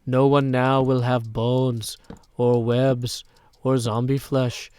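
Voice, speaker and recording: Smug, boastful mob-hoarding schemer, louder and showier than the host, a man's put-on voice. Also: mid-range voice, flat delivery, slow, smooth, dry recording, lightly acted. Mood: gloating. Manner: boastful, grandiose. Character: smug scheming man hoarding all the mobs.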